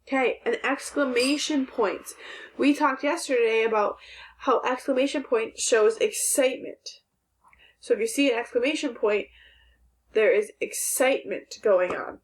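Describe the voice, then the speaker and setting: Slow, clear speech from a woman with a fairly high-pitched voice guides young children through phonics and punctuation. She poses questions to them and offers praise when they answer.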